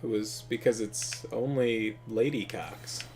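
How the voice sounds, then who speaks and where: A man's voice: lowish voice, takes it slowly, a little mellow, faint music behind. A man hosting a casual gaming commentary, rambling through crude jokes and laughing often. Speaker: let's play host.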